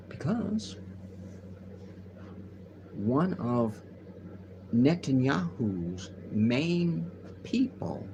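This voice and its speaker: A man's voice: lowish voice, noisy background. Rambling man hosting a livestream. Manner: rambling, reading news aloud and riffing, profane. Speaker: livestream host. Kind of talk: casual livestream commentary.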